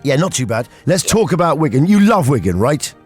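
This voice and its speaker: A man in a radio studio, talking on air with a lively, swooping voice that sits fairly high. He jokes and tells animated stories at a studio mic, and soft music plays under him. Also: brisk, breathy edge. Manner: animated, joking storyteller. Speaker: radio host. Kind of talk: jokey breakfast radio chat. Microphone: studio microphone.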